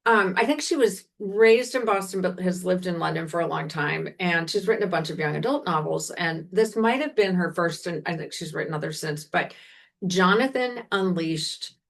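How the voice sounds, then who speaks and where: A woman's voice: lowish voice, moderate pace, creaky. A woman from Washington, D.C., co-hosting a podcast, chatting casually about books in a rambling way with frequent self-corrections. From Washington, D.C., United States. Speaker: podcast co-host recommending books. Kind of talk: casual chat.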